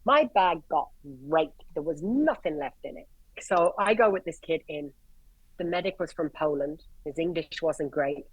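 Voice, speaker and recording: An Irish woman from Ireland, a paramedic guest, telling stories in an animated, blunt way, swearing freely and acting out the people she quotes. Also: low-pitched, moderate pace, slightly rough, dry recording, rough recording. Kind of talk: casual storytelling.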